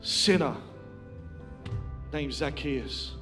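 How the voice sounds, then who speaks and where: A man's voice: fairly high pitch, expressive, extremely slow, fairly bright tone, soft background music. A male pastor preaching a sermon to a live congregation on a handheld microphone, telling a personal story with self-deprecating jokes. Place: church, speaking to a live congregation.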